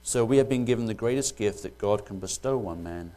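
A man's voice: lowish voice, a little fast, dark tone. A man with a British accent preaching a sermon, first joking lightly, then reading Bible verses and explaining them earnestly.

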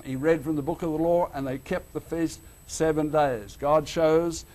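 Australian male preacher, high voice, lively delivery that swings between soft and booming. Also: moderate pace. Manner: animated, swings between loud and hushed. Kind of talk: sermon.

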